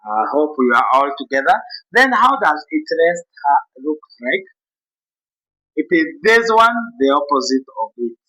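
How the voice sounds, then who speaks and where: A man's voice: fairly high pitch, sing-song, unhurried, pushed and bright, rough recording. A man teaching a beginners' music lesson, explaining note values step by step and chanting rhythm syllables aloud.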